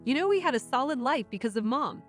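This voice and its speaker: A frank, loyal young adult daughter speaking matter-of-factly, read by a woman in her own fairly high, animated voice. Soft music sits behind. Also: fast.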